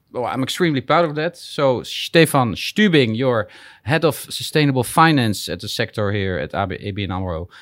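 A man with a Dutch accent hosting a podcast in an office, speaking with many pauses and fillers. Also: medium pitch, a bit bright, dry recording, clean studio sound. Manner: hesitant, many fillers and restarts, laughs easily. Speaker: podcast host. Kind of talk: casual interview chat. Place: office building.

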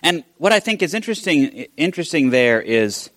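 A man giving a conversational sermon, telling the story in a casual, animated way with frequent restarts. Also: on the high side, moderate pace, dry recording. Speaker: pastor.

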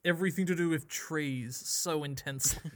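A man talks through a film in a loose, joking way, his voice sitting a little high. The sound is dry and close, with no room around it. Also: normal speed, dry recording. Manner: laughs often, wry and chatty. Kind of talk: casual film review chat.

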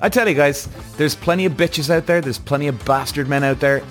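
A man's voice: a little high, fairly quick, soft background music. A man hosting his own podcast, ranting bluntly and heatedly, swearing often and correcting himself as he goes. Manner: restless, self-correcting. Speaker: podcast host. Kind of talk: solo podcast rant.

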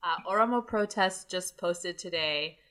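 A woman's voice: fairly low pitch, measured pace, sharp tone. A woman hosting a podcast in casual chat, teasing her co-hosts and laughing often. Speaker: podcast host.

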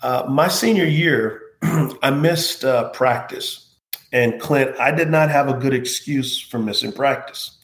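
A man's voice: medium pitch, unhurried, a bit bright. Earnest man telling a heartfelt story. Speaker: interview guest, former pro football player. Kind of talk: personal storytelling in conversation. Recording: roomy echo.

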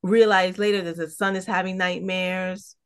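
A woman in a relaxed podcast chat, retelling an episode's story in a loose, rambling way. Her voice sits a little low, and she keeps restarting her sentences with ums and "you know"s. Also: moderate pace, clear, resonant tone. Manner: rambling, many fillers and restarts. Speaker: podcast co-host. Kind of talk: casual chat recapping an episode.

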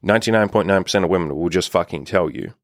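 A man with a very low voice delivers dating advice in a loose, unscripted monologue. He talks bluntly, swears often and keeps dropping "like" between phrases. The sound is close and dry, with no room around it. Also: fast, no room sound. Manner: blunt, profane, lots of "like" fillers. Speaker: dating coach.

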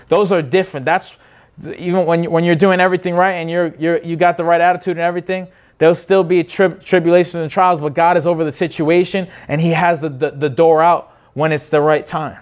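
A man preaching a sermon in an earnest, unscripted way, often restarting his phrases. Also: on the high side. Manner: earnest, many restarts, acts out quoted voices.

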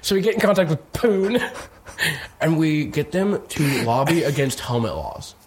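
A young man riffs through improvised comedy with loose slacker talk and frequent giggles. His voice sits a little high and jumps around a lot, and his banter is crude. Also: big pitch swings, normal speed, a little mellow, a little hiss or hum.

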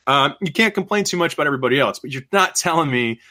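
Male podcast host, casual and profane, lively bright delivery. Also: a little high, fast talker. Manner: animated, profane, acts out scenes. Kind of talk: casual chat.

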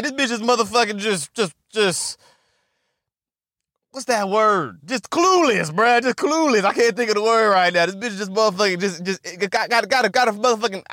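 High-voiced man ranting a movie recap. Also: no room sound, studio quality. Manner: animated, repetitive, swears constantly, stammers on restarts. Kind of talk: casual profane storytelling.

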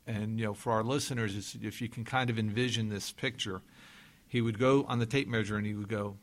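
A man's voice: fairly low pitch, steady tone, a little fast. A man in his fifties co-hosting a financial radio show, telling stories in an easygoing, chatty way. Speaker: financial advisor and show co-host. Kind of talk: casual radio-show talk.

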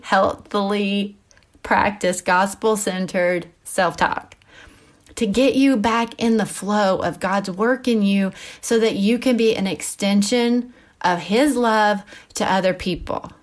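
A woman hosts a casual Christian teaching podcast in her medium-pitched voice. She talks in a chatty, animated way, breaking off into asides and fillers. She is a mother of school-age kids. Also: a little slow. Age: mother of middle schoolers. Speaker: podcast host.

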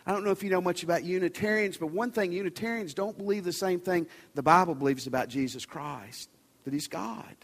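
A pastor preaches to his congregation in a large church, speaking conversationally and sometimes letting urgent pleas drop to a soft near-whisper. His voice sits high with some vocal fry and comes a little fast, echoing through the reverberant hall.

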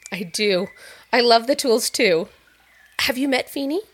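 A gracious female artist who speaks with an animated, lilting rise and fall and a slightly high voice. She is sweet and effusive, gently probing the person she's talking to in an audio drama. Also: unhurried, breathy edge. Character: gracious warm female artist, doctor's wife.

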